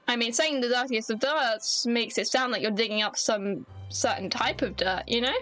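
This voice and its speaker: A woman's voice: fairly high pitch, normal speed, few pauses, a bit bright, faint music behind. A woman streaming a game, chatting casually with self-mocking asides between reading lines. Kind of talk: casual let's-play commentary.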